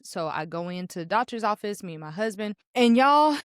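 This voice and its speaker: A woman's voice: mid-range voice, expressive, a little fast, few pauses, smooth, dry recording, clean studio sound. A young woman, hosting a podcast and candidly telling her own story with emotion. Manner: candid, emotional, addresses listeners as y'all. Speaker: podcast host. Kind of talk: personal storytelling.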